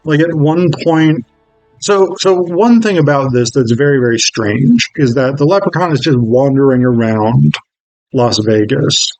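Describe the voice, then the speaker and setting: A man's voice: medium pitch, unhurried, a little mellow, no echo, soft background music, rough recording. A man reviewing a film in a casual, wry video essay, swearing freely as he talks.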